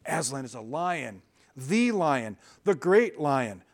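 A man reading aloud as a stern, hearty male talking beaver from a storybook, slow and emphatic. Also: on the high side, lightly acted. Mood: proud, emphatic.

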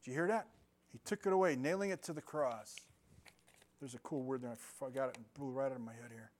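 A man's voice: mid-range voice, fast. An older man preaching an informal sermon, rambling and correcting himself, telling stories and laughing often. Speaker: pastor.

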